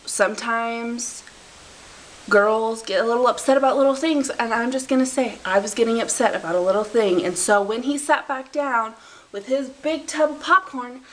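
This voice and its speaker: A woman's voice: a little high, moderate pace, fairly bright tone, rough recording. A woman telling a comedic story to camera, rambling, interrupting herself and giggling as she loses track. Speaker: vlogger.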